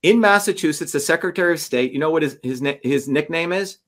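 A man telling a long story in an interview, animated and acting out the voices of others as he goes. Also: a little high, fast. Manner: animated, acts out courtroom dialogue. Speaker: guest.

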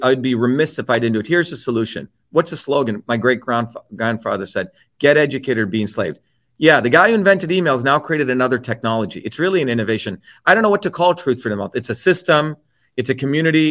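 A man who is a guest on an interview show, delivering a heated political rant that is profane, forceful and repetitive. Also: medium pitch.

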